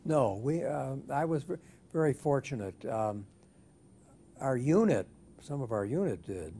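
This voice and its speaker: An older man being interviewed for an oral history, speaking in a measured, thoughtful way with frequent restarts. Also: mid-range voice, sing-song, warm tone, slight background noise.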